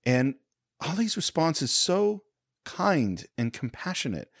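A man's voice: a little high, big pitch swings, slow, vocal fry, husky, no room sound, studio quality. A man hosting a film podcast, retelling scenes step by step with enthusiasm. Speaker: podcast host.

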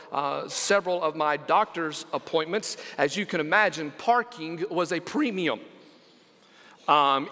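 Male pastor, high bright voice, animated sermon with call-and-response, long hall reverb. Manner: animated preaching, repeats words, asks the congregation to respond. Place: church sanctuary.

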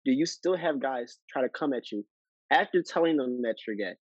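A man's voice: medium pitch, animated, moderate pace, breathy edge, no echo, lo-fi sound. A man hosting a casual podcast chat, laid-back, swearing casually and asking direct questions. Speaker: podcast host.

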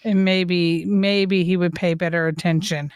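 A woman co-hosting a reality-TV recap podcast, talking in a brash, animated way with heavy swearing. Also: lowish voice, measured pace, smooth, no echo, studio quality. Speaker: podcast co-host. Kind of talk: casual reality-TV recap chat.

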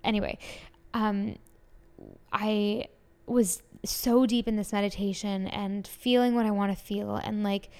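A woman telling a personal story in a casual, rambling way, full of fillers, sometimes dropping to a soft whisper. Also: medium pitch, steady tone, unhurried, clean tone. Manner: rambling, heavy use of "like" and fillers; drifts into soft whispers at emotional moments.

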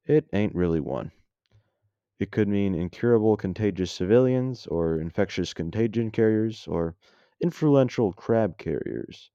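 A man doing a gruff folksy general. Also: on the low side, animated, measured pace, mellow, dry recording. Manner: folksy drawl, blunt. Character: gruff adult male army general. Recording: dull lo-fi dry home mic.

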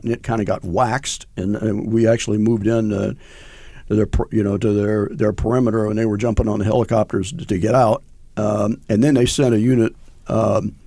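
In a gravelly, dark, mid-range voice, an older man who served in the military reminisces about the war in a loose, chatty interview, often using fillers and starting over. There is no echo on the audio.

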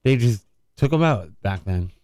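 A man's voice: mid-range voice, expressive, moderate pace, a little mellow, no room sound. An older man, a regular on a talk show, tossing in short, dry, teasing remarks. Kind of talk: casual studio banter.

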